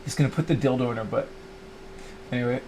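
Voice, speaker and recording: A man's voice: mid-range voice, steady tone, fast talker, a little mellow, slight background noise. A middle-aged man talking to camera for his own channel. He rambles, full of "like" and restarts, and acts out quotes of his own past self. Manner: quotes himself in mock voices. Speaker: YouTuber. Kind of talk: rambling confessional monologue.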